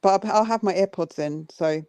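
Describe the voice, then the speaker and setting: A woman calling in from bed at home, chatting quickly and giggling between lines. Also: mid-range voice, darkish tone, clean tone, dry recording. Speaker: caller. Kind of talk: casual chat on a call.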